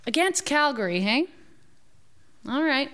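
A woman's voice: high-pitched, very animated, measured pace, bright, forceful tone. A woman hosting a fantasy football panel, steering the casual chat with questions. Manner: upbeat, steers the talk with questions.

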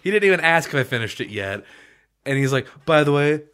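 A man's voice: mid-range voice, very animated, quick pace, pushed and bright. A man co-hosting a casual podcast chat in a small echoey room, often hedging with fillers. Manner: hesitant, hedging with repeated fillers. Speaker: podcast co-host. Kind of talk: casual comic book chat.

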